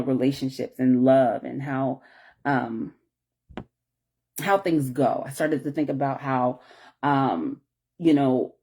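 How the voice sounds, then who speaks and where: Soft-toned woman musing in a vlog. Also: sits low. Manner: emotional, rambling, many restarts and apologies. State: tearful at moments. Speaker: vlogger. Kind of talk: reflective personal vlog.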